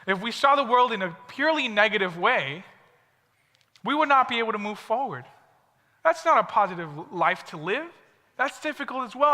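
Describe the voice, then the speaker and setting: Chatty young guy preaching, high bright voice, big echoey hall. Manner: upbeat and chatty, many asides. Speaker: speaker at a youth service. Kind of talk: conversational storytelling sermon. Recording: long reverb of a big hall.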